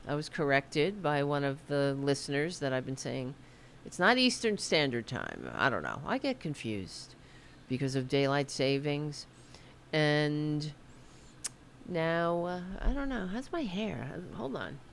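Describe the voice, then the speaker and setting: A middle-aged woman with a New York accent hosts a political livestream as a podcast host, rambling and swearing loosely and fretting about her hair. Her deep voice is sing-song and a little slow, with slight background noise.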